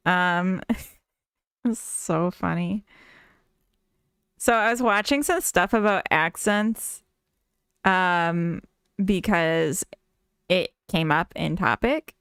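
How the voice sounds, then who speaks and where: A woman's voice: lowish voice, very slow, long pauses, a bit bright, smooth, no room sound, studio quality. A Minnesotan woman chatting casually with viewers on a live stream, rambling and giggling often. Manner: giggly, rambling, full of fillers. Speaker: live-streaming game developer.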